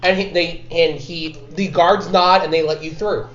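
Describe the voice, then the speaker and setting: A man running a tabletop game as game master, narrating in a halting, self-correcting way. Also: a little high, fairly even intonation, a bit bright. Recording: dull, echoey room.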